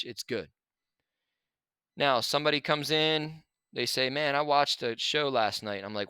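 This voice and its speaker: A man teaching a grammar lesson over slides, relaxed and chatty, with asides to his students. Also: mid-range voice, unhurried, clear, resonant tone, no echo. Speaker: Spanish teacher.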